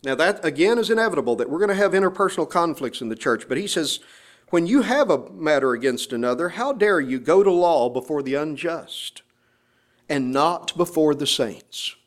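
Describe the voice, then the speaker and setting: A male pastor delivers an expository sermon in a church, his voice sitting a little on the high side. He reads scripture with deliberate emphasis and then explains it plainly to the congregation. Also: lively intonation.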